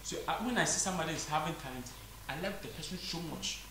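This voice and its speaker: A man's voice: a little high, quick pace, fairly bright tone. A Ghanaian man being interviewed, speaking earnestly and pleading, switching between English and Twi. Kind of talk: casual interview. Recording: echoey room with faint noise.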